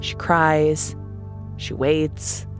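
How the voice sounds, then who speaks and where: A woman's voice: sits low, completely flat delivery, very slow. A woman podcast host giving blunt, wry scripted narration. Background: music.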